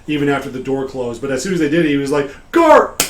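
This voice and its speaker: A man's voice: medium pitch, steady tone, racing, darkish tone, slight background noise. A man hosting a podcast, recapping a tabletop game session in casual chat, rambling with many fillers. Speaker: podcast host.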